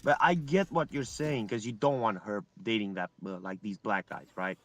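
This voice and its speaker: A man's voice: fairly low pitch, moderate pace. A man arguing in a casual voice chat, hedging and repeating himself vaguely. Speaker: debate participant.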